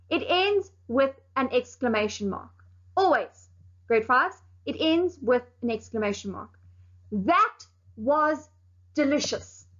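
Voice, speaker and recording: In this recorded lesson for young pupils, the same high-voiced teacher explains things with care and puts firm weight on important words. Her tone is a bit bright, and the sound quality is slightly dull and lo-fi.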